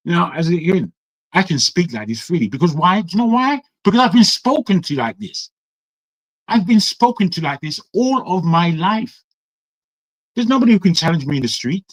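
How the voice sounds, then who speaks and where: A man from England speaking in an online discussion, defiant and forceful, firing heated rhetorical questions. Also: on the high side, sing-song, normal speed, no room sound, rough recording. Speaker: audience speaker. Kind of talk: impassioned talk on an online call.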